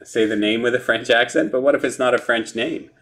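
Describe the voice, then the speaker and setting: A man hosting a live card break, briskly listing player names and teams and chuckling over hard names. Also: mid-range voice, steady tone, a bit bright. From Canada. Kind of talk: live sports card break, calling out pulls. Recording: noisy room with card-pack crinkling.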